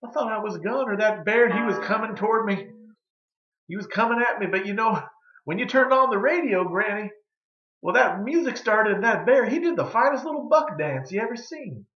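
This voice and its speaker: A shaken old mountain man in a folk tale, drawling his words in a fairly high voice, as a man acts him out. The voice sits in a roomy space with a muffled, slightly dull sound. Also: animated, fairly quick. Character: shaken old backwoods man, Uncle Ike.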